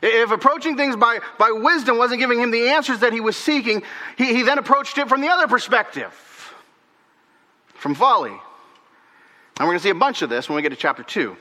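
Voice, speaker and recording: In a big-room setting, a man delivers a sermon as a pastor. He's animated and repetitive, moving from forceful peaks down to quiet, near-whispered passages.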